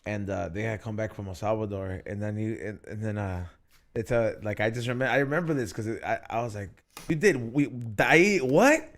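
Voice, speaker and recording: A man's voice: lowish voice, fast talker. A man co-hosting a podcast in casual chat, telling stories in a slangy, laid-back way with lots of restarts. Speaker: podcast co-host.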